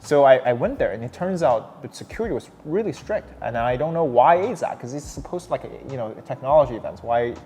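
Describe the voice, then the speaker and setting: A man's voice: mid-range voice, quick pace, few pauses. A young man, a startup founder, telling his story in a casual interview with lots of restarts and fillers. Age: young adult. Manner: animated, many restarts and fillers. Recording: long hall reverb, faint noise.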